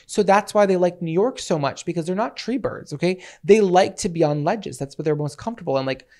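A man co-hosting a podcast in casual chat, telling stories in an excitable, rambling, mock-dramatic way. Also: high-pitched, a little fast. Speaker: podcast co-host.

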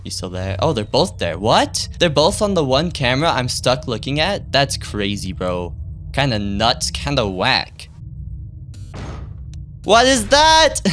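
A young male streamer playing a horror game, reacting loudly with laughs and yelps. His voice swings widely from low mutters to high shouts. He talks at a middle pitch for a man. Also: measured pace. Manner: excitable, laughing, yelping reactions. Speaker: gaming streamer. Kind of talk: live horror game commentary.

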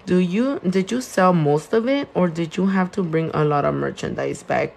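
Speaking at a moderate pace in a lowish, gravelly, slightly mellow voice, a young Californian-accented woman chats on a live stream while doing nails. She's a nail tech and shop owner, answering viewer questions and mixing Spanish words into her English.

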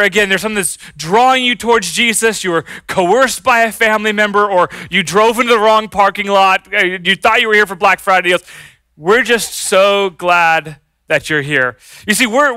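A man preaching with a high, bright voice that cuts through clearly. He tells his stories in an animated way and acts out the voices of the people in them. The sound is dry and close, with almost no room echo. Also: moderate pace. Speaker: pastor. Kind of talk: sermon.

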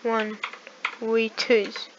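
A woman giving casual gameplay commentary as a gaming YouTuber on a headset mic, talking in excitable bursts with sudden outbursts and restarts. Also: on the high side, extremely slow, dull audio. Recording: noisy headset mic with clicks and typing.

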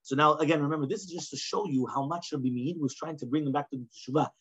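Male Talmud teacher, fairly high husky voice, casual class, dull lo-fi recording. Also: very fast, fairly bright tone. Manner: reads Aramaic lines, then explains them in plain English, often asking "right?".

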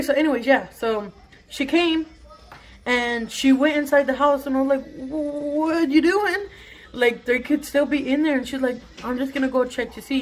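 A woman's voice: a little high, low-quality recording. A young woman tells a casual storytime vlog, chatty and swearing freely. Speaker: vlogger.

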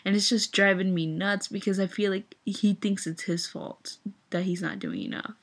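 A woman's voice: mid-range voice, steady tone, normal speed, husky. A young woman in an emotional vlog rant, upset and teary, talking with lots of "like". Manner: upset, filler-heavy with frequent "like". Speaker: fan vlogger.

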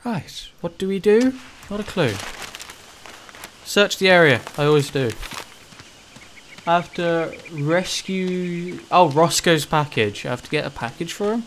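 A man commentating his own gameplay, ranting and swearing with sudden shouted outbursts. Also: fairly high pitch, unhurried, long pauses, a little hiss or hum. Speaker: gaming channel host. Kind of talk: let's play commentary.

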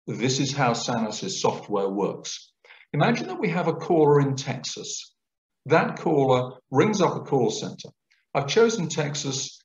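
Guy giving a talk, voice rising and falling a lot, kinda muffled sound. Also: mid-range voice. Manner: clear explanatory lecturing, lively intonation. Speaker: guest lecturer. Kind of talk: public lecture. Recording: roomy, dull lecture recording.

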